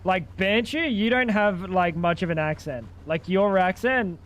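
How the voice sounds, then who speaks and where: A man's voice: high voice, a little slow, fairly bright tone. A young man livestreaming a game, chatting casually and joking back at his chat. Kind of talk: casual gaming stream chat.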